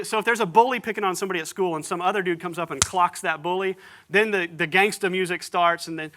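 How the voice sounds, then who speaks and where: An American pastor preaches in church, retelling a story in an easygoing way with slang and acted-out dialogue. His voice sits high and has a sharp tone.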